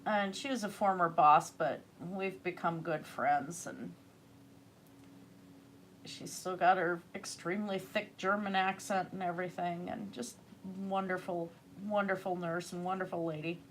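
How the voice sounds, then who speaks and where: A woman's voice: lowish voice, steady tone, a little slow, slight background noise. Chatty woman painting live. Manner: chatty, rambling, answers viewer comments. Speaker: livestreaming artist. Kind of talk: casual chat while painting live.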